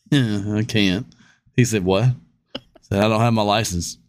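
Man telling a lively road story. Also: lowish voice, unhurried, smooth. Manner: lively, acts out the other people in his story and laughs between lines. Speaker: fire department lieutenant. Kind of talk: casual podcast storytelling.

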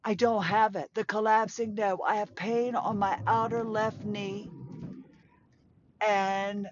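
A woman in her forties with a hoarse, strained voice, excitedly rambling through a casual personal update. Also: mid-range voice, slow pace, lo-fi sound, background noise. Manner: excited, rambling, breathless enthusiasm. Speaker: podcast host.

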